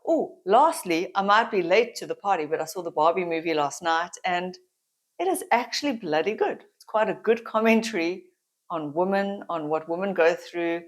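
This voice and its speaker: A woman's voice: lowish voice, moderate pace. A middle-aged woman with a South African accent, chatting candidly to camera as a vlogger and laughing often. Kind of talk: casual chat to camera.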